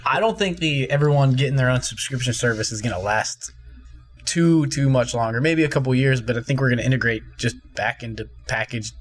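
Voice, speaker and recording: A man co-hosting a podcast in casual chat, giving measured opinions and teasing the others. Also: medium pitch, faint music behind. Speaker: podcast co-host.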